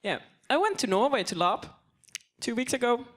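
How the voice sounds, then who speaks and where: A woman's voice: fairly high pitch, very animated, normal speed. A woman moderating a convention panel in an auditorium, introducing speakers with hesitant, filler-filled speech.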